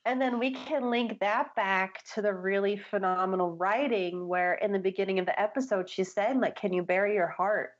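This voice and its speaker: A woman's voice: mid-range voice, normal speed, few pauses, highs cut off. A woman co-hosting a fan podcast, chatting enthusiastically with lots of filler words. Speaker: podcast co-host. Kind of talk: casual chat.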